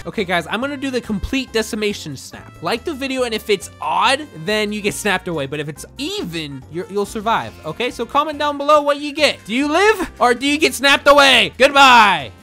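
An excitable gameplay commentator who jokes, laughs and often shouts while narrating a game. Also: mid-range voice, fairly quick, few pauses, faint music behind. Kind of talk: let's-play commentary.

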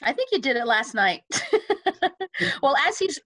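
A woman's voice: a little high, very animated, fairly bright tone, no room sound, rough recording. Woman vocal coach, dry close sound. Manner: patient, instructive, speaks sung lyrics in a measured way. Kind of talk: music lesson, talking through song phrasing. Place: home setup on a video call. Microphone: video call.

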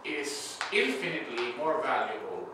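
A man's voice: mid-range voice, sing-song, moderate pace. Guy teaching a bible class, chatty, keeps asking "right?", mic far off, big echo and hiss. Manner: conversational, asks the class "right?" often, acts out scenarios. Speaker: Bible school lecturer. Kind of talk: casual classroom lecture. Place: church classroom. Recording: echoey room, far mic, background noise.

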